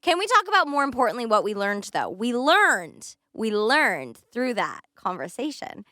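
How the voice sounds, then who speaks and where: A young woman co-hosts a casual podcast with eager questions and a ready laugh. Her voice is bright and rather high, moving widely in pitch, and it sounds close and dry. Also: sing-song, normal speed, dry recording. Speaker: podcast co-host.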